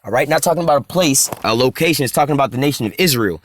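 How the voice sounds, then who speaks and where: A man preaching a profane street sermon, tacking "man" onto his phrases and slowing down to read scripture. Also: medium pitch, lively intonation, slight background noise. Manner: heavy cursing slang, ends phrases with "man"; reads scripture slowly, stalls on filler sounds.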